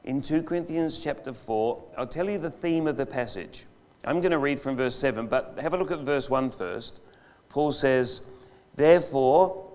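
A man preaches a live church sermon at a middle pitch. He lingers over key words, drawing them out for emphasis. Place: church hall.

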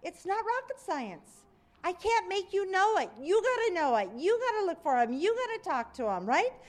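Lively high-voiced woman preaching. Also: moderate pace. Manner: conversational preaching, lively storytelling with acted quotes. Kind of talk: sermon.

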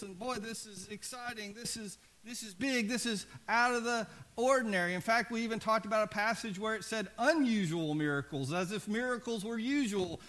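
Preaching in a conversational, earnest way, this male pastor frequently lets his voice fall soft and low to stress a point.

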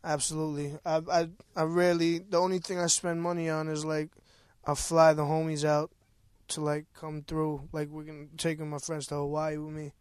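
A man with a New York accent talks in loud, profane, laughing bursts, his voice sitting a little high for a man. The sound is close and dry, with no room around it. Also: flat delivery, moderate pace, hardly any pauses, clean tone, no echo. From United States. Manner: loud, laughing, swears freely. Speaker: rapper and guest. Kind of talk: casual profane banter.

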